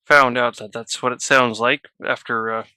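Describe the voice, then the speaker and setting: A man chatting casually on a live stream from his home at night, slow and wry, laughing between remarks. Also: mid-range voice, fairly even intonation, pushed and bright, smooth, no echo.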